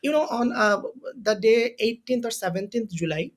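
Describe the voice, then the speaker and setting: A man's voice: sits high, moderate pace. A young man with a Bangladeshi accent and Bengali as his first language talks as a guest on a podcast interview. He is a university student and speaks with raw emotion. He stresses his points by saying them again and again. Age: young adult. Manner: impassioned, emotional, repeats phrases for emphasis.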